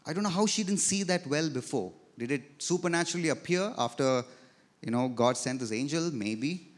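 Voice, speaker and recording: A man's voice: mid-range voice, expressive, brisk. A man preaching a sermon as pastor, telling a story and swelling then dropping his voice for emphasis, in a church sanctuary. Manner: storytelling preacher, rises and drops in loudness for emphasis.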